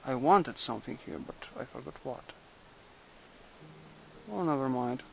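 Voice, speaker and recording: A young man quietly musing aloud while playing a strategy game, halting and thinking out loud. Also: medium pitch, expressive, vocal fry, slight background noise, rough recording. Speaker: video game commentator. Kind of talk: late-night let's play commentary.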